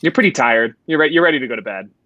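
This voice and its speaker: A man's voice: medium pitch, expressive, very fast, dry recording, highs cut off. A man chatting as a guest on a video call, bubbly and self-mocking. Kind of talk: casual chat.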